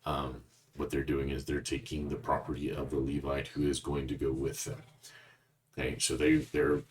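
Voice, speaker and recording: A man giving blunt, conversational verse-by-verse Bible commentary as a teacher. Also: extremely low pitch. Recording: distant mic with faint noise.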